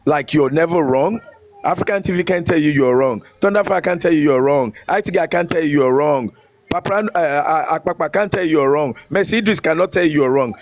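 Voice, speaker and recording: A man's voice: on the high side, darkish tone, rough recording. A man with a Nigerian accent in a heated rant, scolding and preaching and repeating phrases to drive his point home. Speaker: online commentator.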